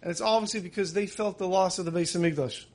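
Guy preaching a sermon, high voice, earnest storyteller. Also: steady tone, fast, darkish tone. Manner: earnest storytelling, building emotion. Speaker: religious teacher.

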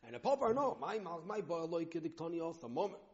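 Man, Talmud teacher, rapid-fire lecturing, fairly high voice, dull lo-fi recording. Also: very animated. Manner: rapid, mixing Hebrew-Aramaic terms into English, restarts often. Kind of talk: in-depth yeshiva-style lecture.

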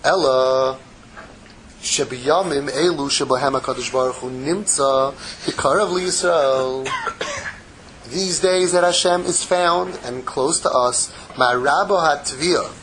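A man giving a casual, animated Torah class, acting out little dialogues and dropping in Hebrew phrases. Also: a little high, a little slow, low-quality recording. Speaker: Torah teacher.

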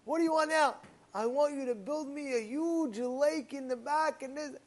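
Excited fawning townsfolk, high voice, played by a man. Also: normal speed. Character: eager crowd of townsfolk serving a king.

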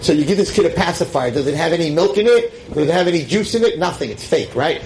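A man teaching a lively class to a seated audience as a rabbi, emphatic and exclamatory. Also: fast, slight background noise, poor audio. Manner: emphatic, exclamatory, with sudden swings in pitch.

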